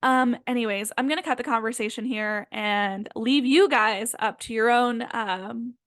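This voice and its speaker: A woman energy healer talks softly and loosely, filling her sentences with "um" and "like" as she guides her listeners. Her voice sits a little high. The sound is close and dry, with no room around it. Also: moderate pace, no room sound. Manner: gentle, rambling, many fillers. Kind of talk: casual spiritual guidance talk.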